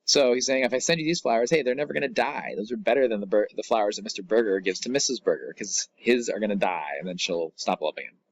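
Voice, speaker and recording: A man's voice: on the low side, quick pace, few pauses, no room sound, dull audio. A middle-aged man teaching a recorded lesson, explaining a poem in a casual, chatty way with asides.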